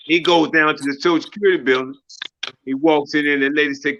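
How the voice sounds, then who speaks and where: A man casually telling jokes to friends in an animated storytelling manner. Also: a little high, brisk, muffled recording, slight background noise. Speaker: joke teller.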